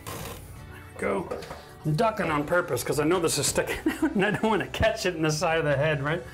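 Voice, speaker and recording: A man's voice: on the high side, fairly quick, a bit bright, faint music behind. A man with a chatty, self-mocking manner who laughs often, teaching a casual DIY tiling tutorial on a bathroom job site. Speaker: renovation instructor.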